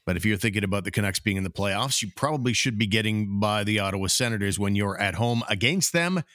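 An upbeat man hosting a casual sports podcast, his voice bright and forward. The sound is close and dry, with no room around it. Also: lowish voice, animated, fast, no echo. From Canada. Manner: upbeat, rattles off sponsor and member names. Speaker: podcast co-host.

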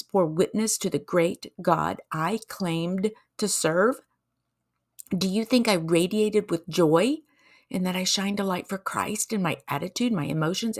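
Earnest lady doing a faith podcast, bit of fry in her voice, preachy questions to listeners. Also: fairly low pitch, a little mellow. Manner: earnest and emotional, slow emphatic storytelling. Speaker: podcast host. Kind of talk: devotional podcast talk.

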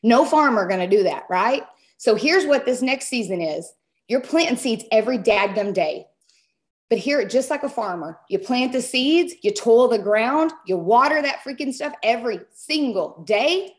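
A woman's voice: a little high, animated, normal speed. Folksy woman hosting a pep talk. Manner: folksy, emphatic, Southern phrasing. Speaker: host of a coaching session. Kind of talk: motivational talk.

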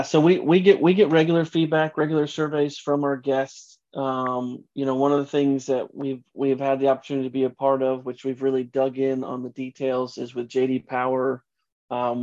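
Casting: man, company executive guest, earnest, monotone, lo-fi recording. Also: medium pitch. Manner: earnest, many restarts. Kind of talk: podcast interview answers.

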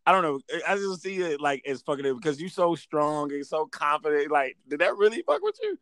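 A man hosting a casual interview, animated and teasing, laughing often. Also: fairly high pitch, brisk, no echo. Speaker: podcast host.

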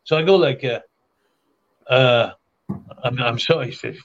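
An older man from Canada spins long, winding stories in a casual way, stumbling over restarts and breaking into laughter as he goes. His voice sits in an ordinary middle pitch. The podcast audio sounds dull and lo-fi. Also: measured pace. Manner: rambling anecdotes with frequent restarts and laughter. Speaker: interview guest. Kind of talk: casual storytelling.

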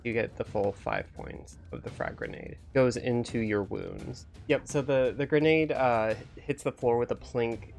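A man's voice: fairly low pitch, creaky. A man narrating as game master, describing the action steadily and checking the rules aloud.

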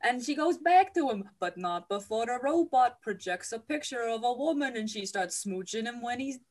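A woman's voice: on the high side, expressive, moderate pace, a little mellow. Giggly woman recapping a movie. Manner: joking, giggly, playful asides. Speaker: podcast host.

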